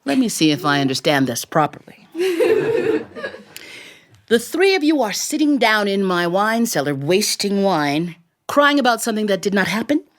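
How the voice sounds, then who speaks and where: A woman storyteller telling a folktale live in a studio, animated and chuckling between lines. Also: mid-range voice, moderate pace. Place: recording studio.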